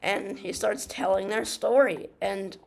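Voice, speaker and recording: A woman's voice: medium pitch, steady tone, measured pace, gravelly, a little hiss or hum. A young woman giving casual gaming commentary, rambling and ranting through a story retelling with many fillers, restarts and swearing. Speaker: gamer.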